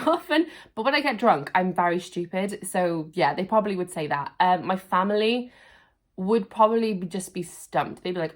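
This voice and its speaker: Woman in her 30s doing a chatty q&a vlog, laughs at herself a lot. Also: medium pitch. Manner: chatty and self-deprecating, laughing often. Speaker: YouTuber. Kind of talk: casual Q&A vlog.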